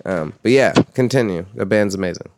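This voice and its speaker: A young man with a low, gravelly yet smooth voice, talking loosely and animatedly about music and swearing casually. The sound is dry and close with no room echo. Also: a little fast. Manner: animated, swears casually, pitch jumps when quoting himself. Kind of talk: casual chat.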